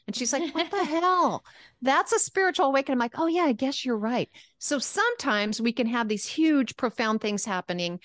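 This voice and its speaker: Woman, podcast co-host, low voice, dry close sound, earnest storytelling. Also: clean tone, no room sound. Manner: earnest storytelling, acts out her own quoted reactions. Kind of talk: casual spiritual podcast chat.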